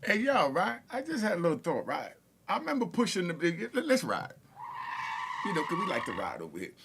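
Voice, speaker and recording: Telling street stories from Harlem, New York, this man stays laid-back and repetitive, stammering into restarts and laughing. His high-pitched voice swoops wildly, fairly quick and creaky, against a noisy background.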